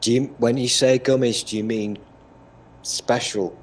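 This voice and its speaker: A man's voice: mid-range voice, steady tone, fairly quick, a little hiss or hum. A British man in casual chat, swearing freely and bragging in a teasing, mock-boastful way. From Britain.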